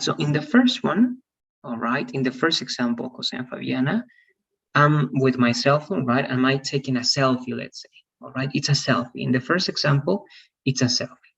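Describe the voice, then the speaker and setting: Teacher, husky, step-by-step explaining, online class, distant dull audio. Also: medium pitch. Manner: explains step by step, often checking with "all right?". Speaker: English teacher. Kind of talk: online grammar lesson.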